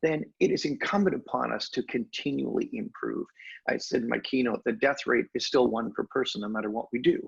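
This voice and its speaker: Older man with a gravelly, husky voice. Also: fairly quick, lo-fi sound. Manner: animated storyteller, expressive pitch jumps. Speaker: guest, hypnosis trainer. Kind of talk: storytelling in conversation.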